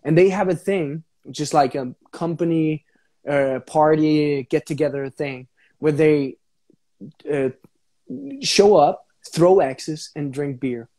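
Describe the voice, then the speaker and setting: Young man, mellow tone, casual joking chat on a phone livestream. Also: a little high, slow. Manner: joking, laughs often, repeats himself. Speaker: actor hosting a live watch-along. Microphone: phone on a live stream.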